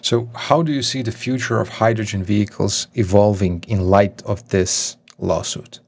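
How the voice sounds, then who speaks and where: A man's voice: on the low side, steady tone, moderate pace, vocal fry, a little mellow, no echo, studio quality. A man hosting an interview, asking questions and chiming in with brief affirmations. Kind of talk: interview host.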